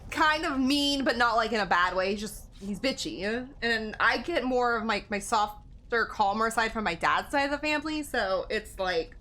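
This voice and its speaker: A woman's voice: fairly high pitch, expressive, normal speed, pushed and bright, a little hiss or hum. A young woman streaming a game, chatting casually with a friend and her viewers and laughing often. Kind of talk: casual chat while livestreaming a game.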